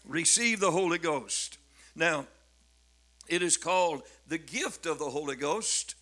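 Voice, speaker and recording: This is an older man delivering a sermon. He preaches fervently in a bright, forceful voice that sits a bit high. He builds to emphatic declarations and often repeats his words. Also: animated, unhurried. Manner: fervent, rising to emphatic declamation, with frequent repetitions. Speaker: bishop preaching.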